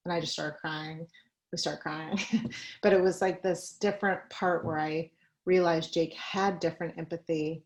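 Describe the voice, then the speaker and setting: Woman, guest speaker, video call talk, conversational, slightly low pitch. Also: steady tone, measured pace, darkish tone, low-quality recording. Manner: conversational, personal stories, light laughs.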